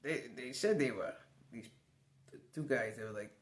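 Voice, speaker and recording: A man telling a personal story to the camera in a casual vlog, animated and swearing now and then. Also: medium pitch, normal speed, echoey room. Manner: animated, swears, laughs as he tells it. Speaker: vlogger.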